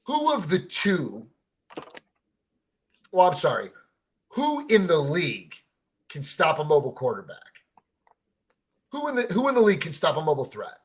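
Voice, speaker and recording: A man with a husky, slightly high voice talks through a live fan reaction stream. He tells stories in a rambling, excited way, stumbling over repeated words and swearing freely. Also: normal speed, pauses often. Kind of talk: excited casual chat.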